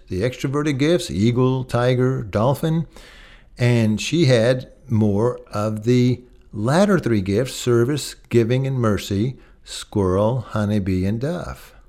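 A man's voice: mid-range voice, a little mellow. A middle-aged male pastor preaching a sermon in a conversational way, telling a personal story and listing words one by one.

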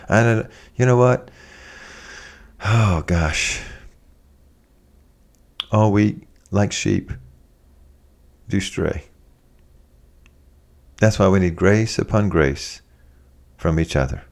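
Male preacher, low gravelly voice, animated conversational sermon delivery. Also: takes it slowly, pauses often. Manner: animated, acts out quoted voices.

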